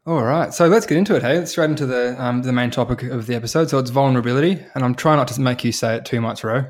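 Fast-talking podcast host. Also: male voice, medium pitch. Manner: quick, easygoing, many fillers and restarts. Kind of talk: casual podcast chat.

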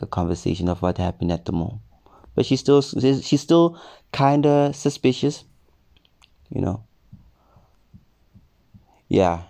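Speaking in a lowish voice with vocal fry, a young vlogger tells a personal story in a relaxed way. He swears freely and slips into the voices of the people he's quoting.

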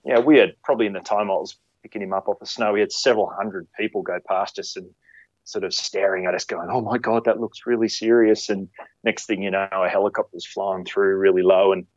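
A man with a lowish voice tells stories from his years on ski patrol. He talks in a halting, conversational way, backing up and restarting his sentences. The sound is dry and a little muffled. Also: steady tone, no echo. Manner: halting, many fillers and restarts, acts out quoted lines. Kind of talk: conversational storytelling.

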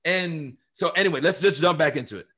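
A man teaching the Bible on a podcast, emphatic and preachy, reading scripture aloud and sometimes rising to shouts. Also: a little high, fairly quick.

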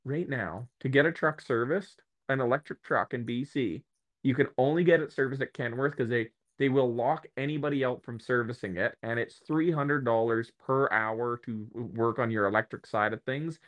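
A man talks as a guest in a loose, casual conversation. He rants with animated energy and slips into the voices of the people he quotes, with a voice of middling pitch. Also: moderate pace. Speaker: guest, electric motor repair specialist.

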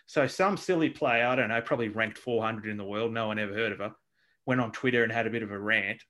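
A man's voice: fairly low pitch, fast, pushed and bright. Ranting Australian man on a podcast. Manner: ranting, sweary, exasperated. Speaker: podcast co-host. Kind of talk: casual chat.

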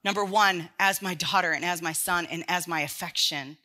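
A woman's voice: fairly low pitch, moderate pace, pushed and bright. A woman preaching an earnest, conversational sermon to a congregation, often restarting her phrases. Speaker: speaker in a church sermon series.

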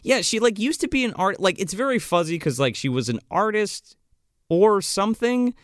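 A podcast co-host recapping a movie in casual chat, retelling it with lots of swearing and quick voices for the characters. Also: mid-range voice, animated, dry recording, clean studio sound.

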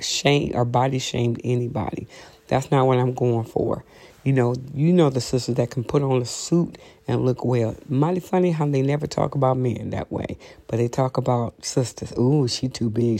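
A woman's voice: rumbling low, mellow. A woman vlogger giving a blunt, sassy opinion monologue to camera, chatting casually from home with lots of "you know"s. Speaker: vlogger hosting her own talk show. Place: at home, seated with coffee.

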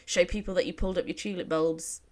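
A woman's voice: fairly low pitch, fairly even intonation, fast talker. A woman from Bradford co-hosting a casual chat, teasing and steering it back on topic. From Bradford, England.

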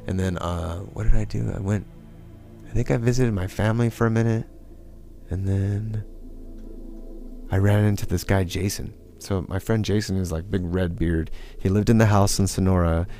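A man's voice: deep voice, steady tone, normal speed, gravelly, warm tone, faint music behind. A man from California casually telling a rambling, profane personal story, full of fillers and acted-out quotes. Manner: acts out quotes in a raised, mocking voice.

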